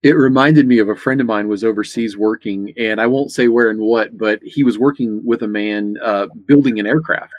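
A man's voice: on the low side, brisk, few pauses, no room sound, muffled recording. A man telling a funny story in a casual chat. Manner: storytelling with laughter.

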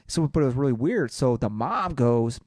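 A man's voice: medium pitch, normal speed, dry recording. Guy telling a wild story on a podcast, acts out everyone's lines, swears, dry mic. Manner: animated storytelling, acts out quotes, swears, says bro. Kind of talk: casual chat.

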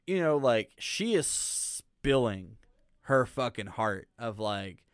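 A man talking casually on a podcast with a smooth, resonant voice. He recaps a movie in loose, swearing chat and jumps into animated quotes of the characters. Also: mid-range voice, slow. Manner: animated retelling with acted quotes, frequent profanity. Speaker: podcast co-host.

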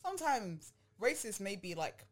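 A woman's voice: medium pitch, big pitch swings, moderate pace. A young woman hosting a podcast, talking in a rambling casual way with lots of restarts. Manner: chatty, rambling, full of restarts and fillers. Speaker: podcast host. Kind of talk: casual chat.

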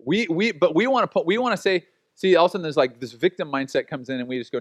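A man's voice: a little high, fast, few pauses, dry recording. A man preaching as a pastor in a casual, conversational way, acting out quotes and laughing at his own stories. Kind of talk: sermon.

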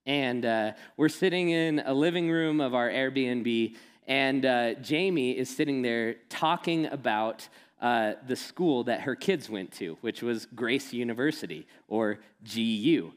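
A man's voice: mid-range voice, a little slow. A man giving a sermon, telling stories and mixing in casual humor. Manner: storytelling, animated and laughing when quoting friend. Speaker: pastor. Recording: long hall reverb.

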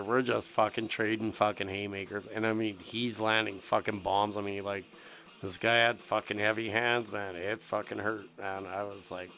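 A man's voice: lowish voice, creaky, a bit bright. A middle-aged man telling stories in a rambling, casual way, swearing constantly and filling gaps with "like" and "you know.". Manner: profane, heavy on fillers and restarts.

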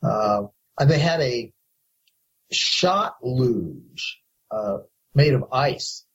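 A man co-hosting a podcast, telling a rambling, relaxed story. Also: mid-range voice, drawn-out words, slightly rough, dull audio. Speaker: podcast co-host. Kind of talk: casual chat.

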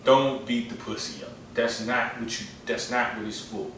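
A man's voice: medium pitch, steady tone, normal speed, heavy reverb, distant mic, noisy background. A man in casual podcast chat, slangy and rambling, often repeating himself.

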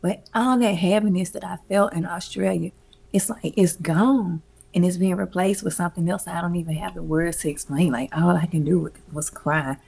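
Low, gravelly-voiced woman telling stories. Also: moderate pace. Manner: animated and emphatic, laughs often, swears casually. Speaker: guest, community music event organizer. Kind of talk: casual conversational storytelling.

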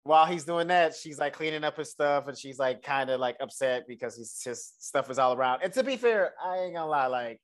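A man co-hosting a casual TV recap chat, loose and profane, telling the story in an animated way. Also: on the high side, a little fast, hardly any pauses. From United States. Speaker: podcast co-host.

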